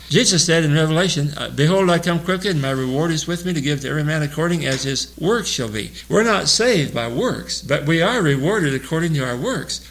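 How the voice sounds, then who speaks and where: Older man, bible teacher, folksy, chuckling asides, slightly high voice. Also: fairly bright tone, rough recording. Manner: chuckles often, homespun asides, reads scripture slowly.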